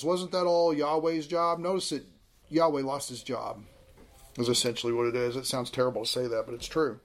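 A man in his thirties teaching a Bible class in a conversational, animated way. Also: on the high side, moderate pace, pauses often.

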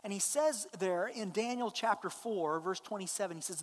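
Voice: medium pitch, normal speed, few pauses. Conversational preacher in a reverberant hall. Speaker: pastor. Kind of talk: sermon.

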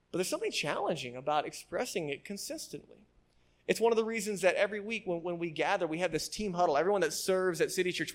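A male pastor giving a conversational sermon, often repeating words as he restarts and checking in with the congregation with a quick "right?". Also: high voice. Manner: frequent word repeats and restarts.

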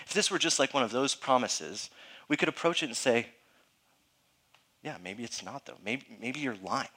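A male pastor preaches in a relaxed, conversational way, with a bright, forward edge to his mid-pitched voice. He presses his points earnestly and keeps checking in with the congregation, and his talk is loose and informal. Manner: earnest, emphatic, often checks in with listeners; informal, frequent fillers and restarts. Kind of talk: conversational sermon.

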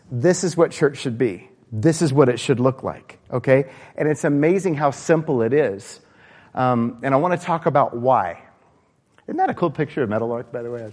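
A man gives a loose, conversational sermon, full of restarts and asides to the congregation. His voice sits at an ordinary middle pitch for a man. It carries a long reverb from a church hall. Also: darkish tone. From American South. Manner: informal, asks the congregation questions, frequent fillers and restarts. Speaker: preacher. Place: church sanctuary.

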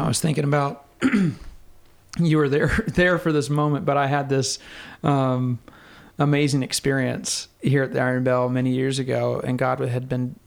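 A man's voice: medium pitch, vocal fry. A man guest earnestly recounting a personal faith experience in casual conversation, with frequent fillers and restarts. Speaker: podcast guest.

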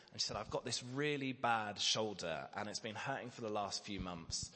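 Bright-voiced man preaching. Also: lowish voice, moderate pace. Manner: candid, self-deprecating storytelling. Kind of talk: sermon with personal story. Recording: reverberant church hall.

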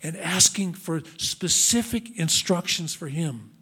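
A man's voice: on the high side, lively intonation, a little slow, sharp tone, breathy edge. A man giving a conversational sermon, earnest and searching, with frequent restarts and rhetorical questions. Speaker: minister.

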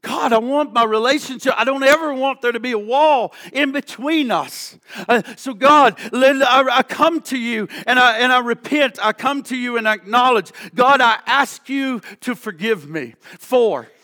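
Male pastor, sermon delivery; very bright, forceful tone, impassioned. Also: extremely high pitch, normal speed. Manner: impassioned preaching, drops to hushed confessional prayer. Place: church sanctuary.

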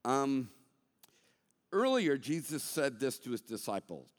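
A man preaching a sermon, emphatic, swinging between loud bursts and slow, low asides. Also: very animated. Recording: reverberant hall.

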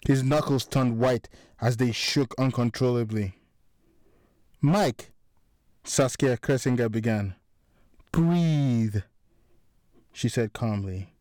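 A man narrating a crime story in a measured, dramatic reading. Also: medium pitch, fairly even intonation, darkish tone, no room sound.

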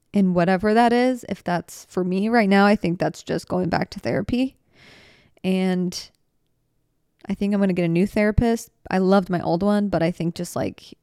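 This mid-range, creaky, somewhat mellow voice belongs to a woman in her twenties hosting a solo podcast. Earnest and rambling, she interrupts herself, restarts, and occasionally becomes tearful, all in clean studio sound without echo.

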